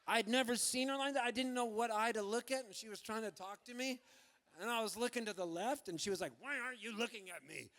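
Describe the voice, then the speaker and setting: A man telling a funny story between songs at a live festival concert, loose and laughing as he slips into quick voices for the people in it. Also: very high voice, fairly bright tone, big-room sound. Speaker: folk singer-songwriter telling a story on stage. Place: outdoor festival stage.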